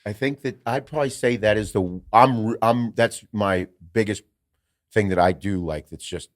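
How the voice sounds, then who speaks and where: A man's voice: lowish voice, moderate pace, dry recording, studio quality. A man co-hosting a podcast in casual chat, joking and rambling with plenty of profanity. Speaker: podcast co-host.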